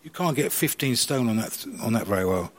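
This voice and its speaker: A man telling his own life story to an audience, animated and acting out the conversations he recalls. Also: mid-range voice, a little fast. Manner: animated storyteller, acts out dialogue. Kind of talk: personal testimony to an audience.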